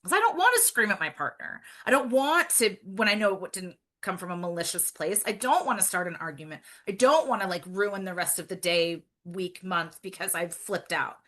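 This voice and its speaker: A woman's voice: medium pitch, animated, normal speed, few pauses, pushed and bright. A woman guest on a podcast, talking earnestly and reflectively in casual chat, with frequent fillers.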